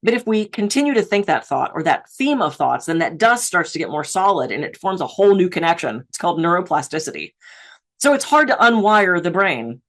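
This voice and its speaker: Animated woman telling stories in a keynote. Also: on the low side, fairly quick. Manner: animated storyteller, playful self-mocking humor. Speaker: keynote speaker on stress management. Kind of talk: keynote talk with personal anecdotes.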